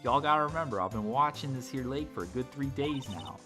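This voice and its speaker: A man's voice: medium pitch, animated, a little fast, close to an everyday voice. A man voicing a brash young Southern woman photographer, with a put-on Southern drawl and a feisty, folksy manner. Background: game music.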